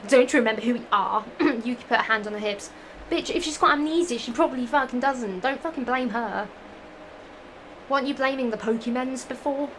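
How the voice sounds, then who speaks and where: Woman fan fiction reader, giggly and profane, fairly high voice, noisy home mic. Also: fairly quick, fairly bright tone. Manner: giggly, profane, rambling asides. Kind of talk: reading fan fiction aloud with commentary.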